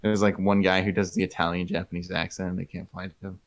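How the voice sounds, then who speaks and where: Joking young man, lowish voice. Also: flat delivery, quick pace. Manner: joking, playful, does silly voices. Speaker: podcast co-host. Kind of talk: casual chat.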